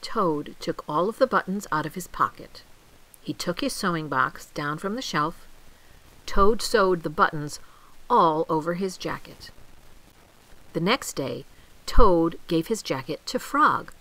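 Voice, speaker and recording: An older woman reading a children's story aloud, gentle and expressive. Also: lowish voice, a little slow, low-quality recording. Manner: gentle, expressive, clearly paced.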